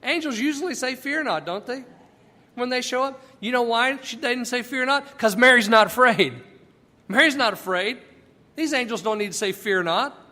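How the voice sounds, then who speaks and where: A man's voice: very high-pitched, normal speed, sharp tone, in a large hall. A man teaching a Bible passage in a folksy, conversational and emphatic way.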